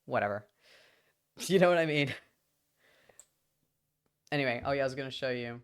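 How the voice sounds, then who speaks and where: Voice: medium pitch, normal speed, clear, resonant tone. A streamer from Britain with a British accent that drifts toward whoever they talk to, chatting casually to a live audience in a rambling way full of asides.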